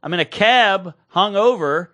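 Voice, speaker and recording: A man's voice: sits high, animated, measured pace, fairly bright tone. A man, a podcast co-host telling a casual story and acting out the people in it.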